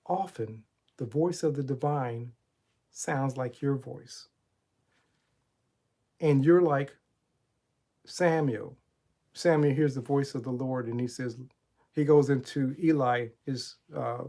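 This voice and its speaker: A man's voice: mid-range voice, measured pace, long pauses, warm tone. A middle-aged man, a motivational coach and channel host, giving a spiritual talk in a preacherly storytelling way, retelling Bible stories and asking rhetorical questions.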